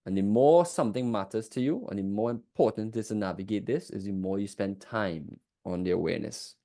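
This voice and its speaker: A man co-teaching a class in a reflective way, turning lively when he recounts his own reactions. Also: lowish voice, brisk. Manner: reflective, shifts into lively, incredulous retelling. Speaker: co-host. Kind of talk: teaching a masterclass.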